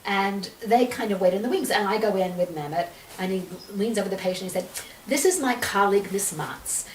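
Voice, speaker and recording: A woman's voice: mid-range voice, fairly quick, slight background noise. A woman guest in a podcast interview, telling a story with energy and acting out the dialogue she quotes. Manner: lively storyteller who acts out quoted dialogue. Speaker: guest, energy healer and author. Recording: echoey room, voice a little far from the mic.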